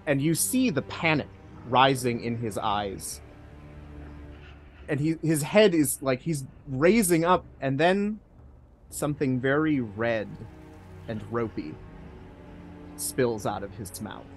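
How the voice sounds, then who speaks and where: A man narrating a tabletop game as game master in a hushed, suspenseful way. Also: mid-range voice, takes it slowly, pauses often, soft background music.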